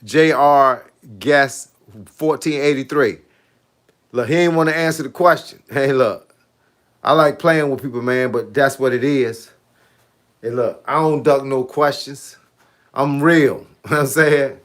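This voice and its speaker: A middle-aged man with a mid-range voice and measured pace coaches fitness and chats casually on a live stream. Laid-back and quick to laugh, he repeats "hey, look" and "bro" often.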